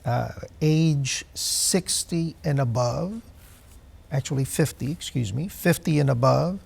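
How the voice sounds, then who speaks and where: A man in his sixties, a doctor answering health questions on a TV call-in, slow and measured with many hesitant fillers. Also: fairly high pitch, vocal fry, darkish tone, breathy edge.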